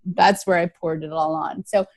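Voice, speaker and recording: A middle-aged woman speaks as a guest about her recovery, giving reflective interview answers that are earnest and emphatic, with key phrases often repeated. She has a lowish voice with fairly even intonation and a moderate pace. The recording has no echo.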